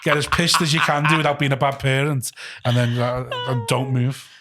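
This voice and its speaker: A man's voice: mid-range voice, steady tone, noisy background. A man with a Scouse accent, a comedian guest telling jokey stories and swearing in casual chat. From Liverpool, England. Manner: rapid, swearing, storytelling banter.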